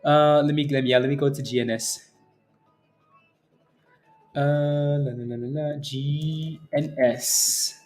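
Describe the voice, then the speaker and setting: A man hosting a day-trading livestream, chatting casually with viewers between market remarks, relaxed, with frequent fillers and chuckles. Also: fairly high pitch, takes it slowly, long pauses, faint music behind. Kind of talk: casual livestream chat reading viewer comments.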